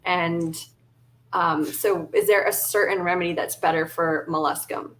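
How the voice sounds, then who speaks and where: A woman interviewing a guest, speaking in a friendly, conversational way, often pausing with ums. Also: lowish voice, fairly even intonation, a bit bright. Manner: friendly, hesitant with many ums. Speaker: interviewer, store host.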